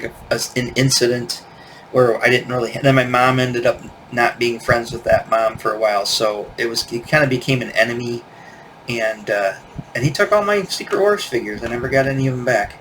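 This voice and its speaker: A male host in his forties, a toy collector, tells rambling, self-correcting stories about his childhood toys in a casual reminiscing vlog. He has a medium-pitched, fairly bright voice, with slight background noise in the recording.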